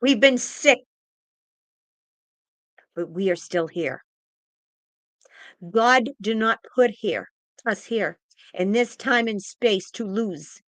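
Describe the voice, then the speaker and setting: A woman's voice: a little high, pushed and bright, dry recording. A woman psychic giving an impassioned spiritual pep talk, emphatic and repetitive, audibly emotional and close to tears. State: tearful, emotional.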